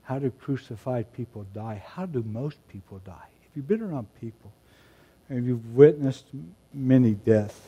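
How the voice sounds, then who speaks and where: Man preaching with a mellow voice. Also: mid-range voice, normal speed. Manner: swings from quiet reflection to loud emphatic shouts. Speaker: pastor. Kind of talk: sermon.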